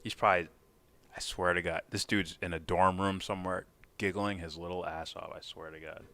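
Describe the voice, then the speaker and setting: A man hosting a live stream, chatting casually, profane, animated and mocking. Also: low voice, a little fast, dry recording. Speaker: stream host. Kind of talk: casual livestream chat.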